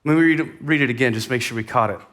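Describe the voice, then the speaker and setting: A man preaching a sermon as a pastor in a church, talking conversationally, with sudden lifts in energy and quiet, soft drops. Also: mid-range voice, quick pace.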